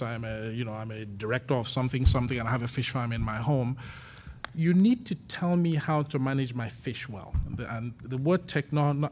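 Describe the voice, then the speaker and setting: Male panelist, mid pitch, casual self-correcting delivery, faint background noise. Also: darkish tone. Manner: conversational, self-correcting, frequent rhetorical "right?". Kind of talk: conference panel talk.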